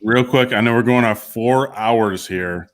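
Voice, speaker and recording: A man's voice: medium pitch, measured pace. A man on a casual live stream recapping a convention weekend with enthusiasm.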